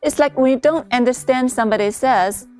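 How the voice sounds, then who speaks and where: A woman teaching a beginner's pronunciation lesson in a clear, patient scripted dialogue. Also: high voice, brisk, a little mellow, soft background music. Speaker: Chinese teacher.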